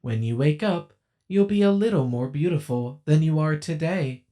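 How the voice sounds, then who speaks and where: A man voicing a female doll robot in an audiobook, speaking slowly in a tinny, kind-sounding way that hides something sinister. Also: a little high, dark tone, lightly acted. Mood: sweetly coaxing. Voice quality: metallic, kind-sounding, slow and deliberate.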